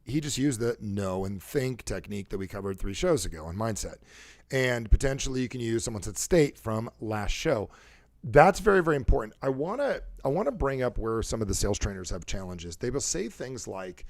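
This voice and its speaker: A man's voice: mid-range voice, animated, a little fast, no echo, studio quality. A man hosting a motivational talk show about sales and conversation, who acts out how people sound on calls. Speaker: show host and sales coach.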